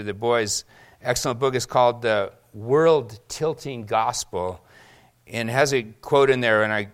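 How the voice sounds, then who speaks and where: A man preaching a sermon to his congregation, animated, asking rhetorical questions and acting out quotes. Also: mid-range voice. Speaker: pastor.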